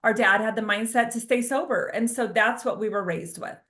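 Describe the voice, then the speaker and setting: A woman co-hosting a podcast, with a voice pitched a little high. She talks emphatically, pressing down on the words that matter. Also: fairly quick, fairly bright tone. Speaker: podcast co-host. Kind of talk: casual podcast chat.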